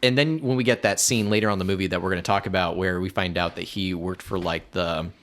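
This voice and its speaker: A man with a somewhat low voice hosts a casual film podcast. He rambles through his points with plenty of fillers and restarts, in a relaxed chatty way. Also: quick pace. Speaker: podcast host.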